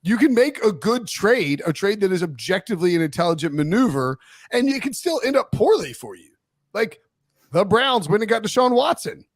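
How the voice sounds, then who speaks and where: On a sports podcast, this co-host rambles through football takes, teasing and correcting himself along the way. His voice is high-pitched and sing-song at a normal speed. It's casual sports chat in clean studio sound with no echo.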